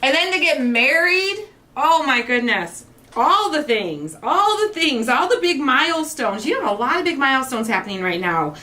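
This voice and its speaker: A woman's voice: high voice, sing-song, normal speed, bright, forceful tone. A woman in her forties hosting a craft show, chatting casually and gushing with emotion. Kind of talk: casual livestream chat while crafting.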